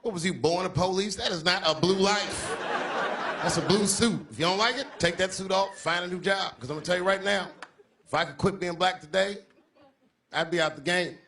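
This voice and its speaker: A man's voice: high-pitched, fairly quick, noisy background. A man doing a stand-up set, delivering punchlines in an emphatic, punchy way. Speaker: stand-up comedian.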